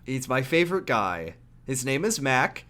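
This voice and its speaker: Guy on a podcast retelling a game story, doing little voices for the characters, medium-pitched. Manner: animated, acts out characters' lines in quick put-on voices. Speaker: podcast co-host. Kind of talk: casual chat recapping a video game.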